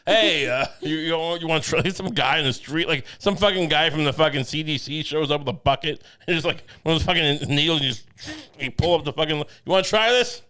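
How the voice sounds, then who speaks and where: A podcast co-host with a fairly high, bright, forceful voice talks fairly quickly with few pauses. He rambles through profane, absurd jokes in casual comedic banter.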